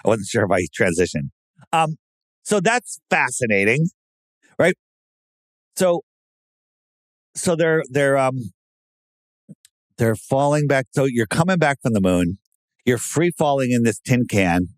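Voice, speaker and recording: A man talking casually and sarcastically, who often breaks into loud mocking impressions of other people. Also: medium pitch, a little slow, pauses often, no echo. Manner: animated, sarcastic, mimics voices loudly. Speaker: podcast guest. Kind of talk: casual conspiracy talk.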